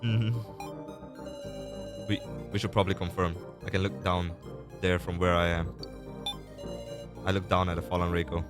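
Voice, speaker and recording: A man's voice: low-pitched, level tone, normal speed, long pauses. A man streaming a story game, reading out its dialogue and voicing the characters in turn. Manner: reads out several characters in turn. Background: game music.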